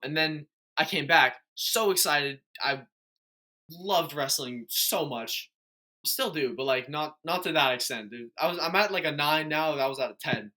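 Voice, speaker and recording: Young male podcast host; rambling casual storyteller, slightly high, bright tone. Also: measured pace. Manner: rambling storyteller, many fillers and restarts. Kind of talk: casual chat.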